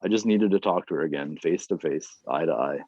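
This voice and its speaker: A man reading his own fiction aloud at an online reading series, plain and unhurried, with casual asides between chapters. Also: rumbling low, darkish tone, breathy edge, no echo. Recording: dull, dry lo-fi sound.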